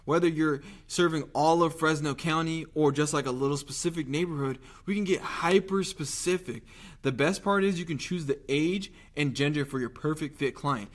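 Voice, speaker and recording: A young man talking straight to the viewer in a lively, conversational sales pitch, tossing out rhetorical questions. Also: moderate pace. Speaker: marketing agency owner pitching local businesses. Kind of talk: direct-to-camera sales pitch.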